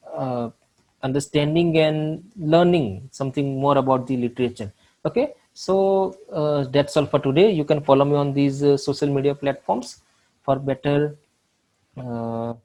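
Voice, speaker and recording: A man from India teaching English literature, walking through exam questions with frequent pauses and fillers, calling his viewers friends. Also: fairly high pitch, dark tone, poor audio. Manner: slow, halting, many fillers, addresses viewers as friends. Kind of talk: exam solution lecture.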